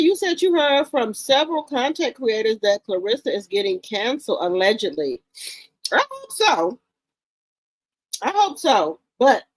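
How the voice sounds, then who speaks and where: A woman hosting a casual livestream, greeting viewers by name in an informal, repetitive, chatty way, with features. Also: on the high side. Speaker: livestream host.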